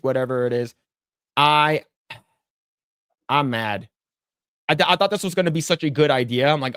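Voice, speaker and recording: A podcast co-host chats casually while drawing on stream, rambling, repeating himself and swearing freely when annoyed. He talks at normal speed with frequent pauses in a fairly high, fairly bright, smooth voice, in clean studio sound with no room sound.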